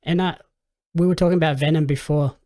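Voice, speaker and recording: A man's voice: on the high side, fairly even intonation, fast, dark tone. A man hosting a casual podcast chat about films and shows, easygoing and quoting his own reactions. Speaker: podcast host.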